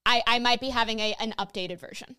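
Podcast host, young woman, slightly high, animated and profane. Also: quick pace, smooth. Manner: animated, swears freely, spirited. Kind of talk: casual interview chat.

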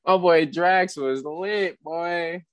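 A man's voice: fairly high pitch, very slow. A young man in casual chat, laid-back and slangy, often laughing.

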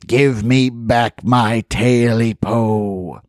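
A man voicing a vengeful, growling, monkey-like creature from a folk tale, chanting slowly and menacingly. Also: mid-range voice, steady tone, darkish tone, no room sound, clean studio sound. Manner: slow, drawn-out, menacing chant.

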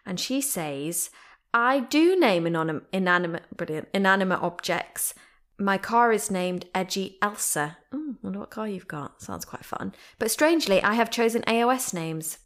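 A woman's voice: medium pitch, lively intonation, moderate pace, a bit bright. A woman with a British accent hosting a podcast, reading listener emails aloud with bubbly, giggly asides. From Britain. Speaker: podcast host. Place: at home.

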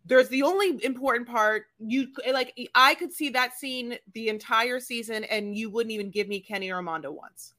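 A woman's voice: fairly high pitch, moderate pace, hardly any pauses, sharp tone, dry recording, studio quality. A woman co-hosting a podcast, recapping a show in casual chat with emphatic rhetorical questions. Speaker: podcast co-host.

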